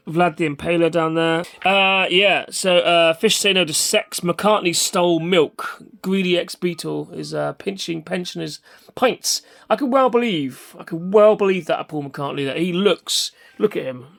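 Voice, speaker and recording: A man's voice: fairly high pitch, gravelly, fairly bright tone. A man hosting a casual, rambling video review, off-hand and chatty with mild swearing. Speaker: vlog host.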